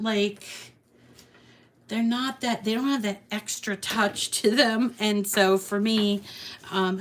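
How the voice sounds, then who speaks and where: Slow-talking chatty craft tutorial woman. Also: mid-range voice. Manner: chatty, rambling, self-deprecating. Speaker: craft channel host. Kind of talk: casual crafting tutorial with live chat.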